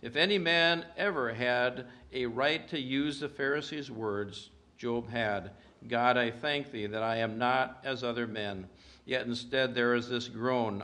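A man preaching a sermon in an earnest manner, reading scripture aloud with emphatic rises and hushed drops. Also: mid-range voice, measured pace.

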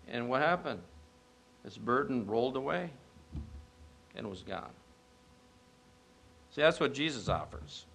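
Emphatic preacher man with a bright voice. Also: expressive, normal speed, gravelly, a little hiss or hum. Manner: builds to emphatic peaks, then drops low and quiet; storytelling preacher with rhetorical questions. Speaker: pastor. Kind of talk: sermon.

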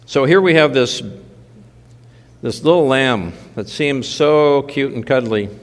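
A man preaching a sermon in a conversational way, dropping mildly sardonic asides as he goes. His voice sits at an ordinary middle pitch and carries a long reverb from the hall around him. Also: slow. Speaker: pastor.

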